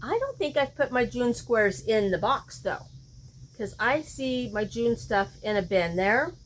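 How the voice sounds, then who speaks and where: A woman's voice: fairly high pitch, very animated, unhurried, a little hiss or hum. A woman hosting a crochet vlog, chatting casually and thinking aloud, often questioning herself mid-sentence. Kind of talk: casual show-and-tell chat.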